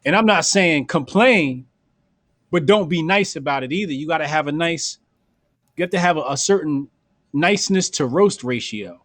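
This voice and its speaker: A blunt, slangy man holds forth on a podcast, voice sitting a little high. He lays down rules and tosses in quick acted-out snippets of dialogue. The sound is dry and close, with no room around it. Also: expressive, fairly bright tone, no room sound. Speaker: podcast host. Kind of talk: casual podcast chat.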